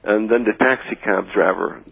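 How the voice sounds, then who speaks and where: Gravelly man on a phone line. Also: lowish voice, normal speed. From Palestine. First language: Arabic. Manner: earnest storyteller who acts out quoted dialogue. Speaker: guest. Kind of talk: casual storytelling interview. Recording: tinny phone line on radio.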